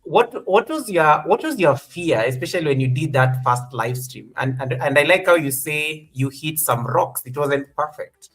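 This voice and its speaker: A man's voice: on the high side, animated, normal speed, hardly any pauses, fairly bright tone, faint music behind. A man hosting a casual livestream, upbeat as he thanks members and reads out the chat. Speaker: host.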